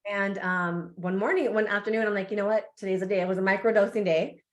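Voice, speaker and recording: Animated woman guest telling a candid story. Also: mid-range voice, fast talker. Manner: animated, laughs often, acts out reactions. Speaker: podcast guest, embodiment coach.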